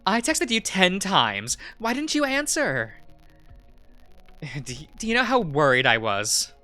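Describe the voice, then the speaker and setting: A man's voice: high-pitched, wildly swooping pitch, unhurried, sharp tone, clean tone, soft background music, voice pushed up, full character voice. A man voicing a nagging middle-aged mother who scolds her grown son in a visual novel. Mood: scolding. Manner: scolding, exasperated.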